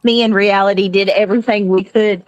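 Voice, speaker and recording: A woman's voice: medium pitch, fairly even intonation, a little fast, dull audio. A woman streamer in casual chat, talking while busy with kitchen chores. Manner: chatty, distracted while doing chores. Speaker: livestreamer.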